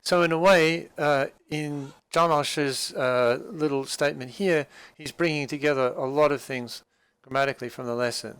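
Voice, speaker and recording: A man's voice: fairly high pitch, fairly even intonation, normal speed, fairly bright tone, smooth, dry recording. A man teaching a language class, explaining a dialogue patiently with frequent fillers and restarts.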